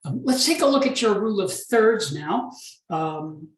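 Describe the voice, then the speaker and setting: A man, an art professor, giving recorded feedback on student photographs in a measured, reflective way with many pauses and restarts. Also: sits high, lively intonation, roomy sound, low-quality recording.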